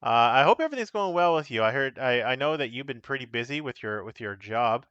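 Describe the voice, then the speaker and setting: A man's voice: medium pitch, animated, fairly quick, a bit bright, clear, resonant tone, no room sound, highs cut off. A man casually chatting on a live stream as he shows and explains the cards of a solo card game, rambling and correcting himself as he goes.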